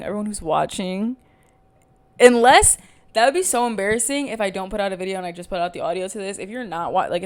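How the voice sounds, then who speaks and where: A young woman hosting her own podcast, chatting candidly and rambling with lots of fillers and casual swearing. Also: lowish voice. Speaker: podcast host. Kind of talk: casual solo podcast chat. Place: at home, talking to camera.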